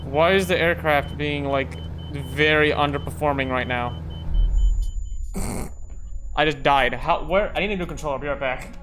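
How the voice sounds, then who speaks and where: A man's voice: a little high, normal speed, long pauses, fairly bright tone. A young man streaming a flight game, rambling and getting frustrated with his controller. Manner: frustrated, rambling, self-interrupting. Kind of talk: casual live-stream chat while gaming.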